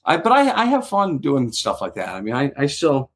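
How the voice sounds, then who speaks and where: A man's voice: mid-range voice, huge pitch swings, moderate pace, slightly rough. A middle-aged man, a guest ventriloquist and magician, telling rambling anecdotes in a casual interview. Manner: rambling anecdotes with acted-out quotes.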